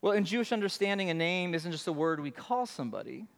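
A man's voice: sits high, expressive, quick pace. A man preaching with a slightly raised voice that rings out through a long hall reverb. He is earnest and emphatic, leaning on repeated phrases to drive a point home. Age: adult with children. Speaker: pastor. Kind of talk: sermon.

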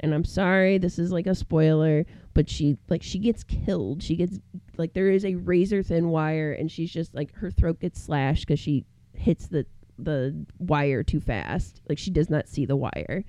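A woman's voice: low-pitched, a little slow, dry recording. A woman podcast co-host casually recapping a horror film, full of "like" fillers and acting out the characters' lines. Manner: animated storyteller who acts out characters in quotes, many "like" fillers.

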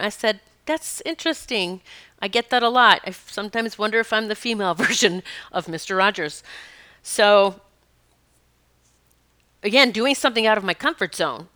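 A woman's voice: medium pitch, pushed and bright, clean tone, no echo. A woman hosting a spiritual podcast, telling a story in a chatty way and laughing often. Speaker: podcast host. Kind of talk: casual spiritual podcast monologue.

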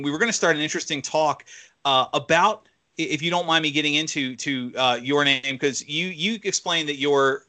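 Bright, slightly high man hosting. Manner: hesitant, many fillers. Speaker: host. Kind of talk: casual radio chat.

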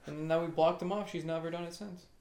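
A young man co-hosting a casual chat, crude and joking, with a gravelly voice. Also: on the high side, steady tone, quick pace, a little mellow, reverberant. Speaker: podcast co-host.

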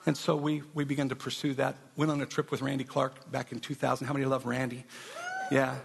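A man preaching a sermon in a church, telling stories with lots of restarts and growing excitement. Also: medium pitch, brisk, creaky, husky. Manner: animated storyteller, repeats words when starting sentences. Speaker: pastor. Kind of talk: sermon storytelling. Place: church sanctuary. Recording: echoey hall.

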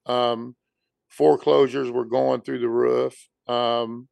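A man with a heavily gravelly, creaky voice chats casually on a podcast. He rambles and keeps saying "dude," and the sound is dry and close. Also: mid-range voice, level tone, slow pace, a little mellow, no room sound. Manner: rambling, conversational, says "dude". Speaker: podcast co-host. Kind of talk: casual chat.

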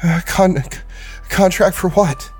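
A woman's voice: fairly low pitch, unhurried, a little mellow, soft background music, pitched above the performer's own voice, natural voice. A man voicing a weak, starving half-elven woman locked in a cage, pleading in a faltering voice. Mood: weak, frightened.

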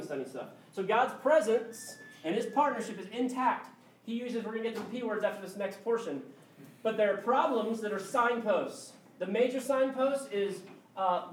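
A pastor delivering a sermon and acting out dialogue with God in voices, at times loud and exclaiming, at times hushed. The voice is picked up from far off and rings through a roomy hall. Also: medium pitch.

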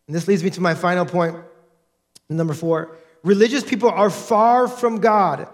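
A man preaching a sermon as a pastor, animated and acting out the people he quotes. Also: high-pitched, normal speed. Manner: animated, acts out quoted voices in his preaching.

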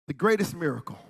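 A male pastor preaching in a church hall with a high, bright voice. He moves from storytelling into shouted preaching. Long reverb trails after every line. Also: creaky, husky. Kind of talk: sermon.

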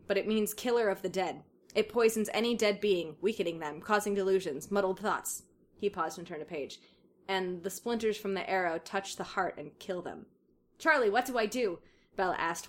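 A woman reads a story aloud on a laid-back comedy podcast. Her delivery is dramatic, and she often breaks into laughter. Between passages she chats casually. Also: medium pitch. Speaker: podcast co-host reading fan fiction aloud. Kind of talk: casual comedic reading and chat.

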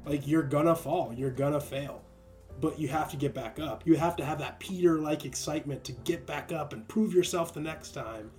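A young man in casual conversation about faith, animated and laughing often, acting out quick voices. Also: fairly high pitch, soft background music.

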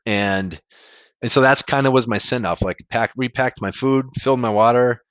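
A man's voice: mid-range voice, normal speed, a bit bright, no echo, dull audio. A man being interviewed, telling a candid, rambling story about a hard race, with casual swearing. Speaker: podcast guest, amateur ultrarunner.

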